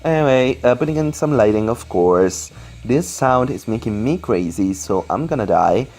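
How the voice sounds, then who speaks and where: A man's voice: mid-range voice, lively intonation, moderate pace, a little mellow, soft background music. A man with English as a second language doing casual voice-over commentary at home, rambling with many fillers and apologies. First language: not English. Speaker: Sims speedbuild commentator. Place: indoors at home, computer on lap.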